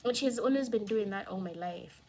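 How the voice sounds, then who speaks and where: A woman telling a painful personal story in a candid vlog, fighting back tears, her voice shifting from hushed to heated. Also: medium pitch, moderate pace. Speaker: vlogger.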